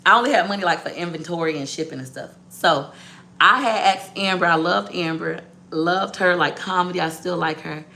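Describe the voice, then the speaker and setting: A woman business owner telling a story to her viewers in a blunt, profane, animated way. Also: fairly low pitch, normal speed, gravelly.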